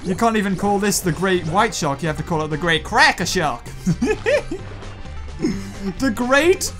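A man hosting a gaming video, chatting and joking excitedly to his viewers while he plays. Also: sits high, unhurried, soft background music. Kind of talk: let's play commentary.

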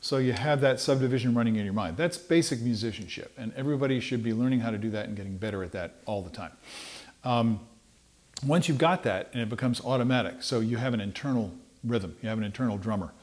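A man teaching trumpet in a relaxed, conversational way, pausing with fillers and restarting phrases as he explains. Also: lowish voice. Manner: sings rhythms on syllables to demonstrate. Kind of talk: relaxed instructional talk.

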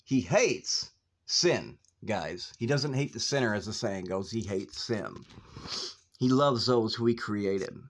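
A man from the United States hosting his own video, talking urgently and over and over saying "guys" and "okay", getting loud and high when worked up. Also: unhurried, slight background noise. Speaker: video host. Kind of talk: preachy casual vlog talk. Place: outdoors in northwest Ohio.

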